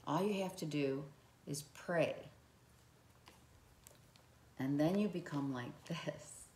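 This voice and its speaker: Slow, earnest woman in an echoey room. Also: deep voice, darkish tone, a little hiss or hum. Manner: earnest, repeats phrases, addresses viewer directly. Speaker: relationship advice vlogger. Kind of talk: motivational talk to camera.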